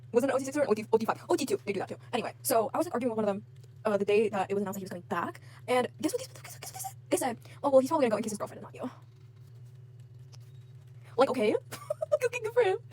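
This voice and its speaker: A woman's voice: fairly high pitch, a little hiss or hum. A woman vlogger in a casual rant to camera, heated and frustrated, with lots of fillers and swearing.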